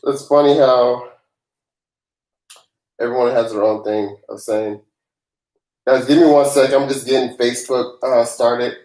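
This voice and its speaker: A man's voice: medium pitch, fairly even intonation, a little slow, long pauses, darkish tone. A man who grew up in the South, hosting a casual live-stream Q&A as a tax professional, chatty and joking with loose laughter. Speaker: tax professional livestream host. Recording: roomy echo.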